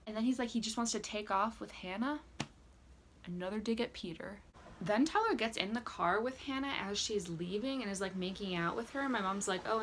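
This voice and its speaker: A woman's voice: medium pitch, vocal fry, a bit bright, a little hiss or hum. Young woman vlogger, chatty and wry, filler-heavy casual recap delivery. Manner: chatty, sarcastic, lots of "like" fillers. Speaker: vlogger recapping a reality dating show. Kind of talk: casual reaction vlog. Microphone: camera mic with ring light, indoors.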